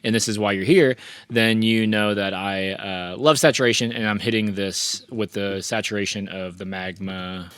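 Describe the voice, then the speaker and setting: A man hosting a relaxed mixing tutorial, talking through his plugin settings with frequent restarts and fillers. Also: lowish voice, normal speed, slight background noise. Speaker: mixing engineer and tutorial host. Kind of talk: casual screen-share mixing walkthrough.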